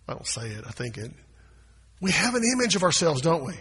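A man preaching a sermon as pastor, swinging from quiet asides to loud, emphatic proclamations. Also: sits high, big pitch swings, a little fast, breathy edge. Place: church sanctuary. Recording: long hall reverb.

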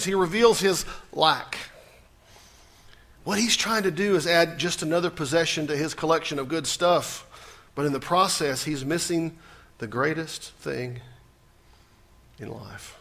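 A man preaches a sermon with a bright, forceful voice that sits a bit high for a man. He moves from loud, pressing emphasis to quiet, intense asides. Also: measured pace, vocal fry, long pauses. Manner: dramatic, swings between loud emphasis and hushed intensity. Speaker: pastor.

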